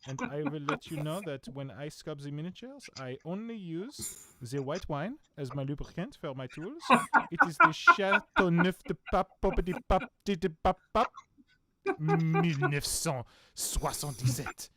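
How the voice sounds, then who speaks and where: A man's voice: fairly high pitch, sing-song, measured pace, a crowd in the background, pitched above the performer's own voice. A man putting on a pompous French sculptor. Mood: grandiose. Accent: put-on French. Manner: theatrical, grandiose, exaggerated.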